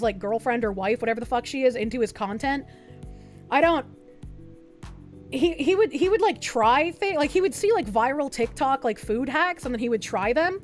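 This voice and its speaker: A woman streamer giving casual reaction commentary, sarcastic and profane, with quick asides. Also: fairly high pitch.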